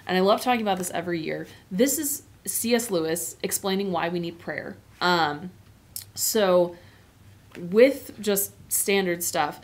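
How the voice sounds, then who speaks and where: Woman teacher, low-ish voice, chatty lecture full of asides and fillers. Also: a little slow. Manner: chatty, discursive, many fillers. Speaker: literature teacher. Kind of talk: informal lecture on a novel.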